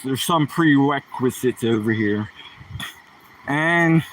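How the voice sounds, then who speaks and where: This livestream host speaks at a medium pitch and takes his time, wandering through cheesy jokes at his own expense. He sounds far from the microphone, with a faint hiss or hum underneath.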